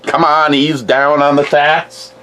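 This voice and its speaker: A man's voice: fairly high pitch, level tone, slow pace, pushed and bright, slight background noise, low-quality recording. A man hosting a casual drink review, rambling and joking with a bit of swearing.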